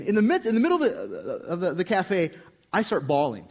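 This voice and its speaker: A young man delivers a sermon in church, sharing a personal story in an earnest way with many restarts. His pitch sits a little high and swings widely. His voice has a slightly husky edge. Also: huge pitch swings, a little fast. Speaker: preacher. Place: church sanctuary.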